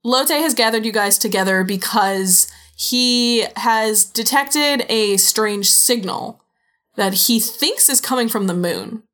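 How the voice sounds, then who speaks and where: A woman's voice: fairly high pitch, takes it slowly, fairly bright tone. A woman hosting a podcast and narrating as game master, giggly and chatty.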